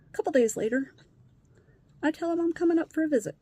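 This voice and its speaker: A woman's voice: high-pitched, fast, long pauses, dark tone. A woman talking bluntly in a candid personal vlog, upset and emotionally worn, swearing casually. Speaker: vlogger.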